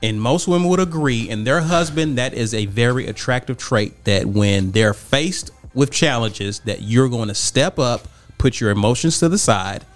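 A man's voice: medium pitch, moderate pace, few pauses, soft background music. A man co-hosting a casual podcast, arguing his view firmly and acting out quoted conversations. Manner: assertive, animated, acts out quoted dialogue. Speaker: podcast co-host. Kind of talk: casual debate chat.

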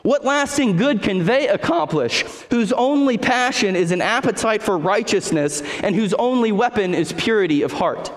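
Male pastor with a high voice, earnest emphatic sermon delivery, long echo of a church hall. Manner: earnest preaching with slow, emphatic repetitions. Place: church sanctuary.

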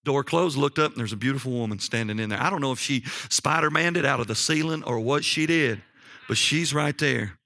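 Bright-voiced, animated male preacher. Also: brisk, dry recording, studio quality. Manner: animated, jumps up in pitch for emphasis. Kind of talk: sermon with personal storytelling.

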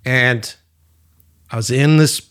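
A man co-hosting a podcast, telling a personal story in a loose, animated way and swearing freely. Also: mid-range voice, slow, smooth. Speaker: podcast co-host. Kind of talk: casual storytelling chat.

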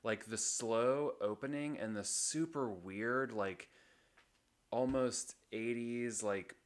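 A man's voice: mid-range voice, slow. A young man co-hosting a podcast in casual chat, rambling and hesitant, with many fillers. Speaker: podcast co-host.

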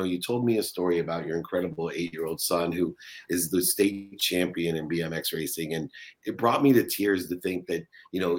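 A man as an interview guest, talking earnestly and emphatically in a motivational way. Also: sits low. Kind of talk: motivational conversation.

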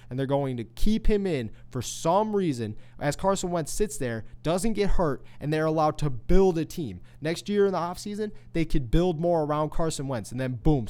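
A young man hosting a sports show, on a heated solo rant. His voice sits a little above the usual male pitch, and he hammers his points with scornful repetition. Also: a little mellow. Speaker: sports podcast host.

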